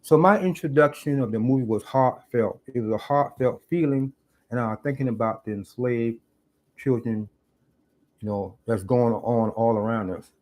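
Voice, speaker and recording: A man's voice: mid-range voice, moderate pace, darkish tone. A middle-aged man speaks in a reflective vlog monologue with a mid-range voice. He is earnest and a bit preachy, and he stresses his points by repeating phrases. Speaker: YouTube commentator. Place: parked car.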